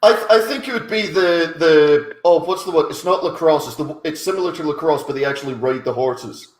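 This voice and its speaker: Comedian, animated and sweary, slightly high voice, roomy echo. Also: male voice, brisk, slight background noise. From Scotland. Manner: animated, swears, laughs often. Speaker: comedy panelist. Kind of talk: casual comedy chat.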